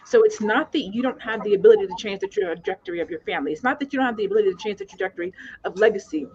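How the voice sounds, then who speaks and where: A woman's voice: fairly high pitch, big pitch swings, racing, creaky, darkish tone, muffled recording. A woman hosting a panel discussion, speaking earnestly and emphatically, with repeated calls to action. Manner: earnest, emphatic, repetitive exhortations. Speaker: podcast host.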